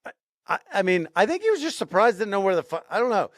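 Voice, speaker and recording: A man, telling a story on a podcast with a fairly high-pitched voice. He builds suspense, restarts his sentences and repeats phrases for emphasis. The sound is dry and close. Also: big pitch swings, fast talker, no room sound. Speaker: podcast co-host. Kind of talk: casual storytelling.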